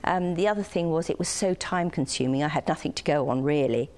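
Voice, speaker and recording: Older woman, UK-raised, low voice, gentle and hesitant interview guest. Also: fairly quick. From United Kingdom. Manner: soft-spoken, hesitant with many ums.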